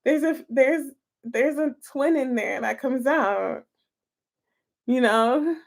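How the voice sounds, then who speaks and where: Woman tarot streamer, chatty and giggly, unhurried delivery. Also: sits high, gravelly. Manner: chatty and giggly, answering chat comments. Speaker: tarot reader live-streaming to chat. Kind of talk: casual live-stream chat.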